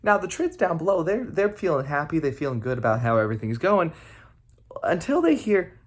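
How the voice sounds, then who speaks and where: Animated young man telling a campfire story. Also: a little high, fairly quick. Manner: animated storyteller, sound effects and shouts. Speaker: camp counselor.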